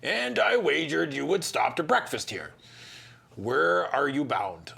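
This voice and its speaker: A hearty, weather-beaten old soldier, as a man voices him in a gamebook adventure. His voice rides higher than the reader's own, rough and gravelly at the edges, and it swings widely as he booms out his lines. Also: big pitch swings, measured pace, bright, forceful tone, full character voice. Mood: welcoming.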